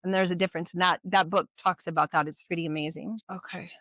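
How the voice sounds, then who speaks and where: At a community event in a brewery, a chatty presenter gives an informal educational talk in a medium-pitched, fairly even voice that is bright and forceful. Talking fast and conversationally, they pose frequent rhetorical questions and check in with the audience, captured in a dry, close recording.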